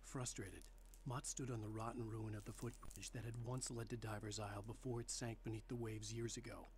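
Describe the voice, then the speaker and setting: An actor playing a brooding male novelist who narrates his own thriller in a measured, somber way. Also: fairly low pitch, level tone, darkish tone, slight background noise, lightly acted. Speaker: game narrator. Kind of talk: scripted game narration.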